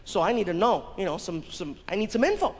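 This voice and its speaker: A man doing stand-up, telling a story with lively voices for the people in it and laughing as he goes. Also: high-pitched, fast. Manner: animated storyteller acting out others' voices, laughing. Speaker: stand-up comedian. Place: live comedy stage. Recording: live show played back in a hall, audience noise.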